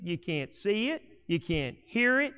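A man preaching a sermon in an animated way, often repeating and restarting phrases for emphasis, as a preacher before a congregation. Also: high voice, measured pace, clear, resonant tone, highs cut off. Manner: animated, repetitive restarts, rising emphatic delivery. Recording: long hall reverb.

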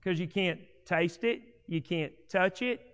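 A man preaching a sermon in an animated way, often repeating and restarting phrases for emphasis, as a preacher before a congregation. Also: high voice, measured pace, clean tone, dull audio. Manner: animated, repetitive restarts, rising emphatic delivery. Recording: long hall reverb.

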